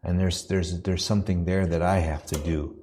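A missionary is preaching in a church, sharing his own story with earnest hesitation before sliding into a preaching rhythm. His voice sits low and mellow, with fairly even intonation.

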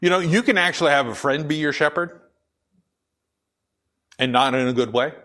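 Deep-voiced man preaching a casual sermon. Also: moderate pace, a bit bright. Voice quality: deep, full radio-style voice. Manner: conversational storytelling, many fillers and restarts. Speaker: pastor.

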